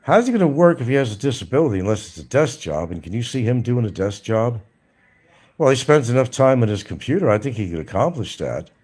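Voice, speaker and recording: A man's voice: mid-range voice, big pitch swings, fast, a little mellow, slightly rough. A man hosting a live stream, talking casually in a blunt, mocking way to his viewers. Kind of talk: casual livestream monologue.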